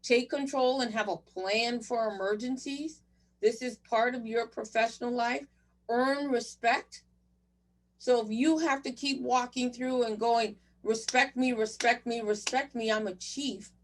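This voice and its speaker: A woman's voice: on the high side, unhurried, far from the mic. Encouraging woman giving a leadership talk. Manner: direct, encouraging, addresses audience as "you guys". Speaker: conference speaker for chief residents. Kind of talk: motivational conference talk. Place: virtual conference session.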